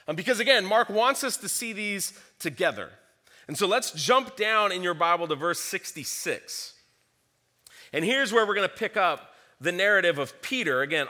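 A man's voice: high voice, pushed and bright. A man preaching a sermon, earnestly teaching through a scripture passage and reading verses aloud. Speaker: pastor.

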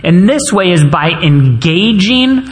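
A man's voice: high voice, very animated, slow pace. A man preaching a sermon to fathers, earnest and personal, weaving in stories from his own childhood. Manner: earnest storytelling, personal anecdotes.

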